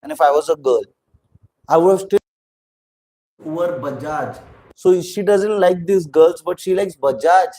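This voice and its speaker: Speaking with an Indian English accent, a man delivers opinionated, chatty commentary on a reality show, mixing Hindi words into his casual video talk. His voice is a little high and dark in tone, unhurried with long pauses. The audio quality is poor.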